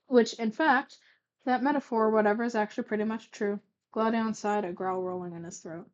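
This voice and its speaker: A woman's voice: medium pitch, steady tone, moderate pace, a little mellow, lo-fi sound. A young woman casually reading her own old fanfic aloud, stuttering and stumbling with fillers and self-corrections, and commenting along the way.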